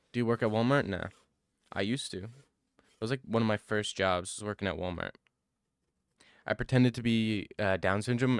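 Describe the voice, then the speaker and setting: Young adult man, live streamer, laid-back rambling chat, smooth clear voice, dry close sound. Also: lowish voice, dry recording. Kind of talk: casual chat reading live chat.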